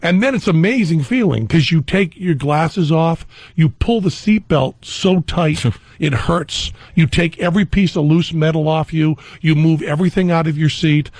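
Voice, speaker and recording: A man with a raspy, gravelly voice pitched a little high tells a comic anecdote as a guest on a talk radio show. He laughs at his own punchlines as he goes. The studio sound is close and dry. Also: moderate pace, a little mellow, no echo. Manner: comic, self-amused anecdote telling with frequent laughs. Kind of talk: animated storytelling on talk radio.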